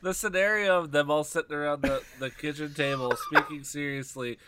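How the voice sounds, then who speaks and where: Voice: mid-range voice, fairly even intonation, fairly quick. A podcast co-host chatting casually and joking about a book. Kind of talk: casual chat. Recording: noisy recording with clicks.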